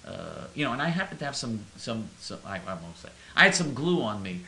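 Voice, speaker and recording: Bright, stammering man, mock-earnest comic rant, roomy and faintly hissy. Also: mid-range voice, very animated, a little fast, gravelly. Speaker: comedic caller in character. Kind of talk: comic monologue in character.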